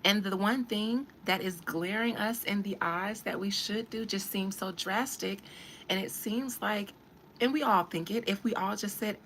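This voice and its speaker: A woman's voice: mid-range voice, unhurried, fairly bright tone, a little hiss or hum. A woman hosting a podcast, giving casual commentary in an emphatic, preachy way and talking straight to her listeners. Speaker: podcast host.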